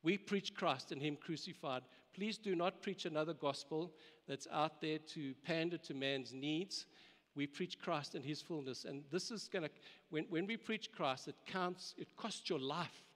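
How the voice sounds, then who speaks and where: A male pastor preaches earnestly, urging his listeners on and restarting phrases as he goes. His voice sits fairly high, and a large church hall gives it a long, ringing reverb. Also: a little slow, fairly bright tone. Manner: earnest, exhorting, with frequent restarts. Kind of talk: sermon.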